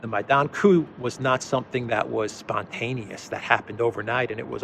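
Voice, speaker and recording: A man's voice: medium pitch, normal speed, gravelly, few pauses, a bit bright, a little hiss or hum. A man hosting an unscripted commentary monologue, hesitant with frequent restarts and fillers, then emphatic on his key points. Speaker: political commentary host.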